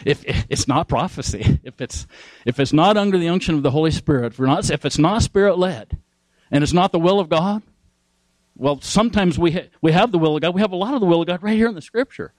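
A man's voice: a little high, fast, a little mellow, no room sound, poor audio. A man preaching a sermon, emphatic, repeating key phrases and asking his listeners questions.

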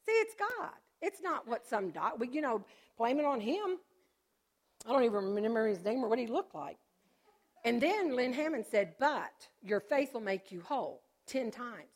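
Lively middle-aged woman sharing testimony. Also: on the high side, moderate pace. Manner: animated storytelling, bursting into joyful shouts. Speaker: church member giving testimony. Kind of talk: personal faith testimony.

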